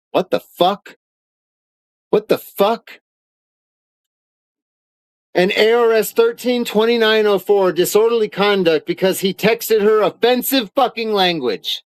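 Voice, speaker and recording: A man's voice: high voice, dry recording, poor audio. A man on a live stream, angrily denying claims and reading arrest papers aloud while swearing often, from his home studio. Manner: indignant, swearing often, reads documents aloud. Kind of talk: angry live-stream rant.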